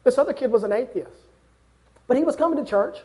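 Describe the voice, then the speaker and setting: A young man delivers a sermon with an unusually high-pitched voice. He speaks earnestly and builds to fervent exhortation. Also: expressive, fast, warm tone. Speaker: preacher.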